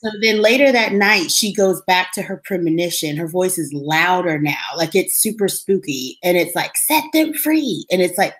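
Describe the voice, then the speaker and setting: A woman co-hosting a casual talk show, retelling a TV episode in an animated way and acting out the characters' lines. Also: lowish voice, moderate pace, hardly any pauses. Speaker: co-host recapping a TV episode. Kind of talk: casual chat.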